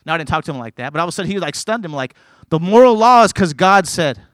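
High-voiced preaching man, dry sound. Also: expressive, quick pace, a bit bright, dry recording. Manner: earnest, emphatic preaching, reading scripture aloud; conversational asides with stumbles and repeats. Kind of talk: sermon.

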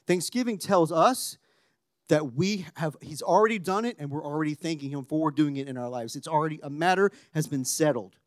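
A man preaching a sermon, animated and conversational, dropping to a hushed voice when acting out quotes. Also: fairly high pitch, no echo, studio quality. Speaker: pastor.

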